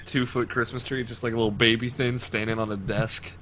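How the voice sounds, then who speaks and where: A man's voice: mid-range voice, a little fast. A man hosting a podcast, chatting casually over a video call and telling stories with plenty of laughs. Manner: animated storyteller, laughs often. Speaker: podcast host. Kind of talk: casual chat. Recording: noisy online call audio.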